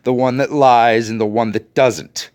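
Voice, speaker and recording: A man's voice: medium pitch, fairly even intonation, unhurried, darkish tone, clear, resonant tone. A man hosting a video, ranting to his viewers in an angry, profane and sarcastic way. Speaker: video host.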